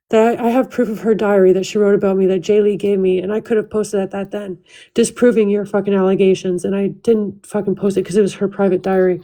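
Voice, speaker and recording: The recording is low quality, carrying a woman's mid-range, warm voice. As host of her own livestream, she aims a heated rant right into her phone, swearing constantly, venting her anger, and rapidly restarting her lines.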